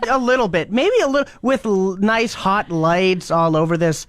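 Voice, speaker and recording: A man's voice: high voice, normal speed, a bit bright, no echo. A man co-hosting a morning radio show, ribbing his co-host with dry teasing. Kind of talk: casual on-air banter.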